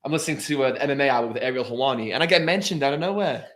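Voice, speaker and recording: Young guy, rapid-fire chatter, ribs his dad on a live stream. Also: mid-range voice, lively intonation, a bit bright. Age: young adult. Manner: fast, self-deprecating, jokey. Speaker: host's son. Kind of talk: casual live chat.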